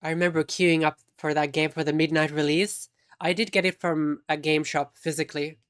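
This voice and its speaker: Streamer, mid pitch, easygoing chat with viewers, teasing. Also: steady tone, brisk, a bit bright, clean tone, no echo, studio quality. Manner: chatty, teasing, reacting to chat. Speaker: live streamer.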